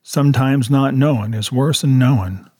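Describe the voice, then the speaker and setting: A stern old cemetery caretaker in a storybook, voiced by a man, gruff and whistling as if without his teeth. The voice is husky and dry, close to the mic. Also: mid-range voice, moderate pace, a little mellow, no echo, lightly acted.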